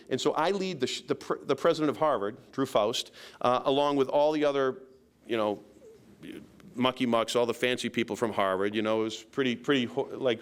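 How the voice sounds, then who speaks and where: A man's voice: medium pitch, smooth. A man, a county sheriff telling a story to a local meeting in a loose, rambling way with many restarts and a self-deprecating humor.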